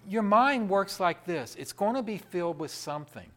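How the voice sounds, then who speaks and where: A man preaching a sermon in a lively, conversational way, with asides to the congregation. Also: high voice, moderate pace.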